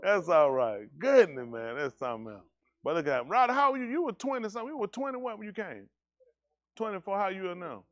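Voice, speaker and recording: High-voiced man teasing his congregation. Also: very animated, fast talker, fairly bright tone, muffled recording. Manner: joking, teasing, folksy. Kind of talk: casual banter with congregation on livestream.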